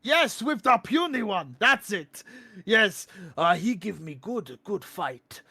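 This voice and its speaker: A man voicing a hulking male minotaur who speaks slowly in loud, broken sentences. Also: high-pitched, sing-song, exaggerated voice. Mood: jovial. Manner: loud, slow, broken grammar.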